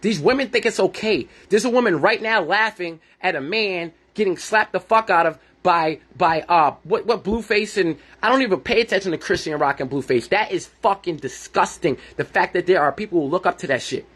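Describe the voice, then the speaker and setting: In his thirties and hosting a podcast, this man rants bluntly and profanely, reenacting conversations he's had in a heated monologue. His voice sits high and sounds a bit bright and slightly rough, rushing along with few pauses.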